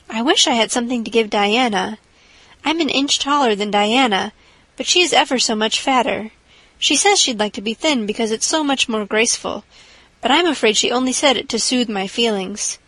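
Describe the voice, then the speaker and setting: A woman's voice: on the high side, lively intonation, normal speed, a bit bright, dry recording, low-quality recording. A woman reading the part of a chattering, imaginative young orphan girl in an audiobook, gushing and dreamy.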